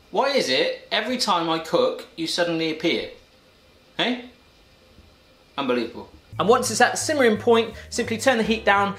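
A man's voice: high voice, fairly bright tone. A British man hosting a home cooking tutorial in his kitchen, chatty and playful with jokey asides. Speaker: cooking show host.

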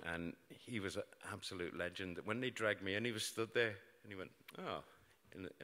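A middle-aged British man with a low voice tells a true story on stage, mixing dark events with dry, self-mocking jokes. His voice carries a long reverb from the hall he speaks in. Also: a little fast, hardly any pauses. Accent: British English. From Britain. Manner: wry, self-mocking humour about grim events. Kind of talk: live storytelling talk. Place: large hall before an audience.

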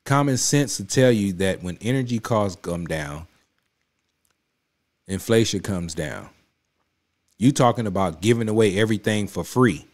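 A man's voice: on the low side, lively intonation, measured pace, long pauses. A man hosting a reaction video, commenting on a political speech in a casual, emphatic, repetitive way and talking straight back at the clip. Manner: emphatic, repetitive, conversational street talk; addresses the clip directly with rising heat. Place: home studio.

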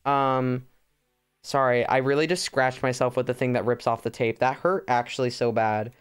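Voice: mid-range voice, steady tone, normal speed, clean tone, faint music behind. Streamer, lockerer Livestream-Plauderton, weitschweifig und gespielt dramatisch, glatte Stimme, leise Musik im Hintergrund. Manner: chatty, rambling, mock-dramatic. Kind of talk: casual livestream chat while crafting.

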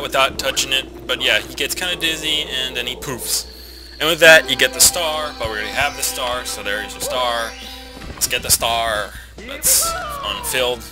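A man's voice: medium pitch, expressive, normal speed. A young man with a nasal voice, rambling and swearing casually while commentating a video game he is playing. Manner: rambling, swearing, self-mocking asides. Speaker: let's play commentator. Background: game music.

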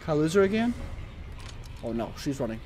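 A let's play gamer giving casual commentary, reacting with excitable, jumpy outbursts and swearing, and talking to themself and the game character. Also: mid-range voice, brisk, a little hiss or hum.

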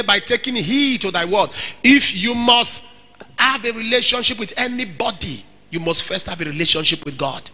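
Preacher, male, high and expressive voice, animated sermon to singles, long hall reverb. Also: normal speed. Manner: animated preaching, acts out little scenes. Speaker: pastor. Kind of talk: sermon to young single men.

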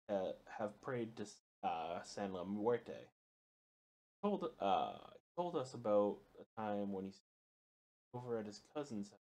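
Man, lower voice, gaming commentary, halting reading, stumbles over words, swears when startled. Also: a little mellow. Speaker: gamer reading in-game notes aloud. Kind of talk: let's play commentary.

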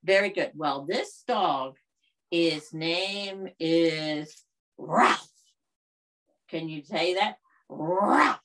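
A woman's voice: lowish voice, extremely slow, pauses often, a bit bright. A woman leading a children's library storytime, reading a picture book aloud in a coaxing sing-song way and asking the kids questions.

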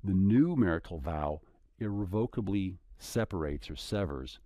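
A man's voice: sits low, animated, moderate pace, dark tone, dry recording. A man teaching scripture in an earnest, conversational way, paraphrasing passages in everyday words. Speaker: Bible teacher.

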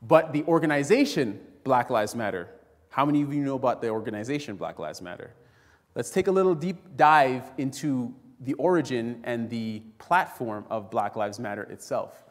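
A man's voice: medium pitch, expressive, normal speed. A man preaching a sermon to a congregation, telling a story and acting out the voices of the people in it. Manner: storytelling, acts out quoted voices, addresses congregation as friends. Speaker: pastor. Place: church sanctuary. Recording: long reverb in a church hall.

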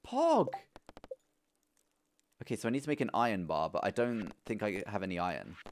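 Lower-voiced young man streaming to chat. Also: lively intonation, fast talker, slight background noise. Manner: playful, talks to chat, coos at his pet. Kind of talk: live gameplay streaming.

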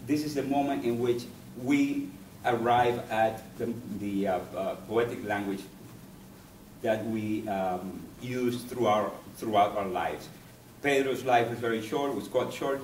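A low, darkish voice belongs to a male poet from Cuba, a native Spanish speaker, lecturing in English in a university room. He speaks haltingly, digresses and searches for words, recorded from afar in an echoey space with faint hiss.

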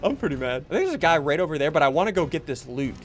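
A young man giving jokey, excitable commentary while playing a video game. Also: a little high, rapid-fire. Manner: excitable, jokey, yelps and laughs mid-play. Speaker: gaming channel host. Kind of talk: live gameplay commentary.

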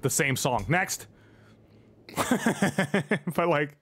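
A man's voice: on the high side, drawn-out words, a bit bright, soft background music. A young man streaming a game, rambling and swearing through casual, joking reactions. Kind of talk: casual live commentary.

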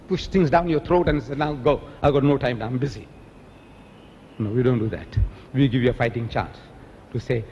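An Islamic preacher delivers an impassioned religious lecture, often mimicking other people in a raised voice. His medium-pitched voice has a darkish tone. The reverberant hall adds faint ambience and slight background noise.

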